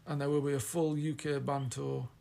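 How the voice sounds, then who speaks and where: Gravelly Yorkshire man chatting. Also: mid-range voice, level tone, moderate pace, mellow. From Yorkshire, England. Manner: chatty, rambling, teasing. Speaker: podcast co-host. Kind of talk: casual chat.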